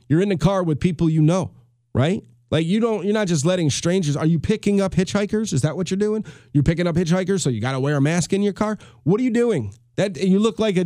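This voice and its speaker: A man's voice: fairly high pitch, mellow, dry recording, clean studio sound. A man in his forties hosting a solo talk show, rambling and self-deprecating in a casual, conversational way. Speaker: podcast host. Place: home studio in New York.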